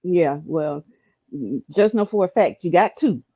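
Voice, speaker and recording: A woman's voice: lowish voice, animated, measured pace, mellow, dry recording. A woman from Chicago calling into a live stream, talking earnestly and gratefully with many ums. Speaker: caller. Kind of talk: casual call-in chat. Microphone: remote call line. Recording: dull call-in audio.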